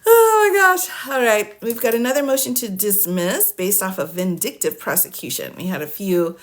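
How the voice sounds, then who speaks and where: A woman's voice: medium pitch, moderate pace. A woman attorney talking casually on a livestream, walking through court filings, often laughing and sounding exasperated and amused. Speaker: attorney giving legal case updates.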